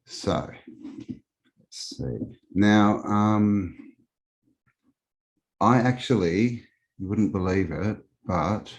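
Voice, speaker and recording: Australian man, very low voice, casual rambling chat, lots of ums. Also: expressive, very slow, long pauses. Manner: rambling, hesitant with many fillers. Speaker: guest. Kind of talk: casual live-stream chat.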